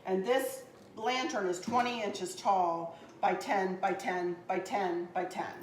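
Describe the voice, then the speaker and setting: A middle-aged woman takes it slowly in a steady, mid-range voice while hosting a casual craft tutorial from a room at home. Despite the pace, she's chatty, upbeat, and rambling, and the audio is roomy with faint background noise.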